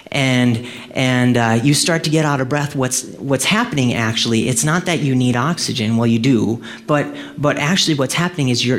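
Man preaching with rhetorical questions. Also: mid-range voice. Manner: conversational, rhetorical questions, rising to emphatic peaks; frequent restarts and checks like "okay?" and "right?". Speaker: pastor. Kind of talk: sermon.

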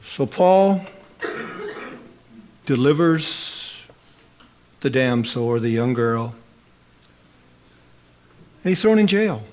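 A man preaching a sermon, building to loud, emphatic declarations. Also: medium pitch, lively intonation, very slow, long pauses. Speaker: pastor.

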